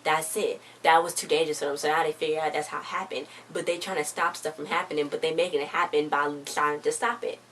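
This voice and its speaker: A woman's voice: sits low, flat delivery, fast talker, hardly any pauses, a bit bright, distant mic, slight background noise. A woman reviewing a TV episode in a casual, rambling recap, stringing the story together with "so then she's like.".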